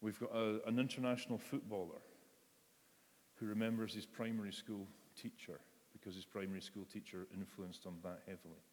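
A man's voice: lowish voice, steady tone, a little fast. Man preaching in an echoing church. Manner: conversational, acts out voices in quotes. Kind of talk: sermon. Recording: long reverb of a large hall.

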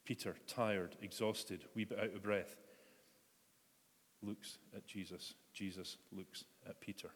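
A man's voice: low voice, steady tone, slow pace, slightly rough. A man preaching a reflective sermon, retelling a story and inviting his listeners to picture it. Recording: echoey hall reverb.

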